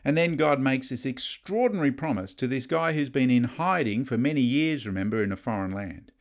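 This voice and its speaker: A man's voice: mid-range voice, expressive, a little fast. A middle-aged man delivering a conversational sermon with humorous asides and family stories. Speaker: preacher.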